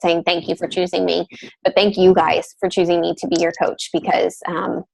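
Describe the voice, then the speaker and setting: A woman's voice: lowish voice, level tone, normal speed, creaky, slight background noise, poor audio. A woman coaching her team on a casual group video call, upbeat and gushing, with lots of "like" and "you know". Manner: gushing, upbeat, filler-heavy.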